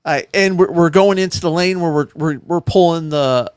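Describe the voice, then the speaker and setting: A man co-hosting a casual podcast, telling an animated story and acting out what other people said. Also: fairly high pitch, normal speed, clear, resonant tone, no room sound, studio quality. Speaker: podcast co-host.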